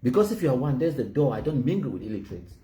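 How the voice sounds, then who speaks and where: Racing along in a warm, sing-song, medium-pitched voice, a Cameroonian host jokes around casually with a Cameroonian Pidgin English accent. He's boastful and mocking, laughing at his own lines, with slight background noise.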